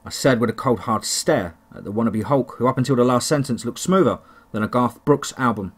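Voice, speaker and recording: A man narrating a first-person horror story, telling it in a steady, deliberate way. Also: medium pitch, breathy edge.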